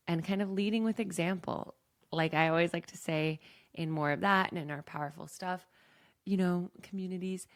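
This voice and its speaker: A young woman speaks in a low register with a gravelly edge, talking through her thoughts in a loose, reflective way. She leans on fillers like "like" and "you know" as she goes. The sound is dry and close. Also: dry recording. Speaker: podcast host and coach. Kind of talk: reflective personal talk.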